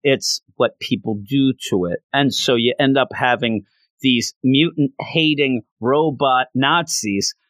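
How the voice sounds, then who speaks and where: A man giving a casual recap of a story, animated and often restarting his sentences. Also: mid-range voice, takes it slowly, dry recording. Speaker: comic book commentator.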